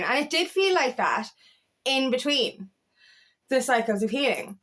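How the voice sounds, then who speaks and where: A woman's voice: high voice, expressive, moderate pace, a bit bright. A woman coach talking candidly and emphatically, swearing and restarting her sentences in a casual monologue. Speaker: feminine empowerment coach.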